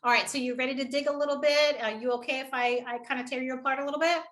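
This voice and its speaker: A woman runs an online workshop on public speaking in a high, bright voice. She is energetic and encouraging and laughs often as she coaches the participants. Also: very fast.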